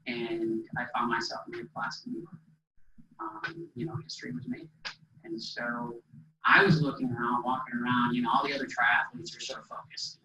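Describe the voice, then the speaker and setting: Animated man telling stories in a hall. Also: medium pitch, normal speed, noisy background. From Minnesota. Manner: animated storyteller, acts out dialogue. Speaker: motivational speaker. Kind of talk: inspirational keynote speech. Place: presentation hall. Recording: echoey hall, distant mic, dull sound.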